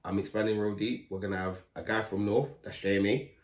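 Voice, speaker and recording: A man telling a lively story in casual street slang, acting out the voices of people in it. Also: fairly low pitch, fairly quick. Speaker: guest, grime MC. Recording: roomy echo.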